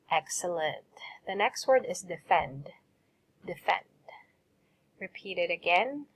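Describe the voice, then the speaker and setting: A woman's voice: medium pitch, a bit bright, low-quality recording. A woman teacher giving a recorded lesson, patiently saying words and asking students to repeat them.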